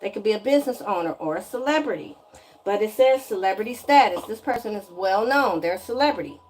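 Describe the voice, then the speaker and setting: A woman's voice: medium pitch, expressive, fast, a little mellow, slight background noise. A woman giving a spiritual energy reading straight to the viewer in a sassy, chatty way, often asking "okay?". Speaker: tarot energy reader.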